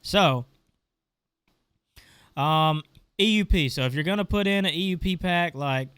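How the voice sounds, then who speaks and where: A man walks through his game settings in a casual, offhand way, thinking aloud as he clicks around. His voice sits a little high for a man and sounds smooth and clear despite a stuffy nose. The recording is dry and close, with no room sound. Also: measured pace, a bit bright, dry recording. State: stuffy, congested. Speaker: gaming channel host. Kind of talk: casual screen-recorded tutorial.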